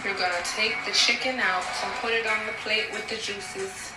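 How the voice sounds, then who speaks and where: A young woman playing a teen cooking-show host in a put-on Jamaican accent, with a sing-song voice and drawn-out phrases. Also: mid-range voice, fairly even intonation, close to an everyday voice. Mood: playful. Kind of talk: homemade cooking show narration. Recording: echoey room, far from the camera mic, music behind.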